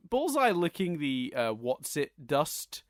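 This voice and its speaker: A man's voice: a little high, big pitch swings, slow, no echo, studio quality. A man co-hosting a podcast, chatting casually about a film he likes, laughing often and trailing off into restarts. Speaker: podcast co-host. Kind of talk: casual film review chat.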